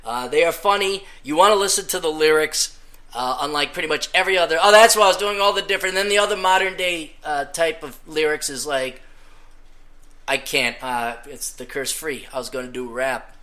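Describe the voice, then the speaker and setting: A man's voice: fairly high pitch, a little fast, pushed and bright. A man hosting a podcast, ranting casually and sarcastically, breaking into mocking sung parodies. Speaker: podcast host.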